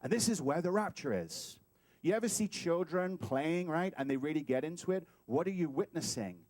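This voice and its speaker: Lively higher-voiced man preaching. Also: normal speed, no room sound. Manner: animated and playful, acts out scenes. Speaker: guest speaker at a spiritual center. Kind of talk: sermon. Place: talk hall.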